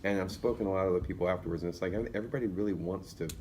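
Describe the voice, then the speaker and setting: A man with a very low voice speaks up in a class discussion. He is halting and sincere, and he pads his sentences with fillers. Faint room noise sits behind him. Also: darkish tone. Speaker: class participant. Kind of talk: casual remarks in a group discussion.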